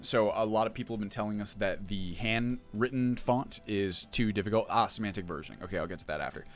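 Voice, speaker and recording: A man running a casual livestream, chatting as he explains update details and answers chat, thinking aloud as he goes. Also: on the low side. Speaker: mod developer streaming.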